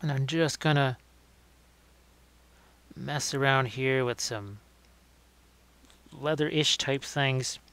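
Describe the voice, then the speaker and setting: A man giving a live-streamed miniature painting demonstration, relaxed and thinking aloud as he works, often correcting himself mid-sentence. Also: mid-range voice, takes it slowly, creaky, pauses often, smooth.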